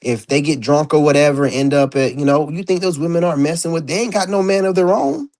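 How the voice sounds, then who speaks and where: A man's voice: on the high side, quick pace, a little mellow. A man ranting in a casual vlog monologue, blunt and profane, rambling with lots of fillers. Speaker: vlogger. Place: indoors.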